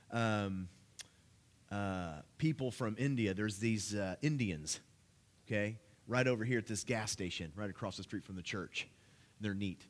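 A man preaching a sermon in church, telling personal stories in a loose, halting way with lots of fillers. He gets louder and higher when he is stirred up and drops soft and low when he prays. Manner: conversational, halting with frequent fillers and restarts; rises in pitch and volume when excited, hushed when praying. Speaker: guest preacher. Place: church service.

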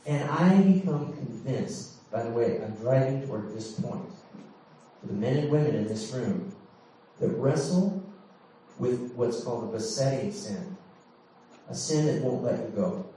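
A man's voice: medium pitch, animated, measured pace, dark tone, a little hiss or hum. A middle-aged man preaching, telling a candid personal story with laughs and dramatic swings. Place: large church hall. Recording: echoey hall, mic from far off.

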